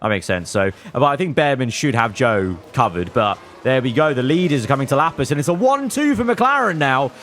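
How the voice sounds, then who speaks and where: A man giving excitable live commentary over a racing management game, swinging from low muttering to loud outbursts. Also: brisk, few pauses, a little hiss or hum. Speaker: gaming YouTuber.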